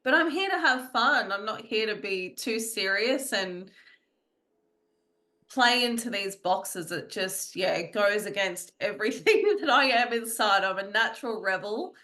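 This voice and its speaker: A woman's voice: mid-range voice, unhurried, sharp tone. A woman guest in an interview, speaking earnestly about her spiritual teachings and often repeating phrases. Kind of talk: reflective conversational interview.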